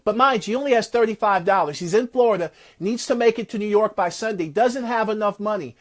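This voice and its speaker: A man giving a motivational talk, retelling a success story in an animated, preacher-like way. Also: sits high, quick pace. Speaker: motivational speaker.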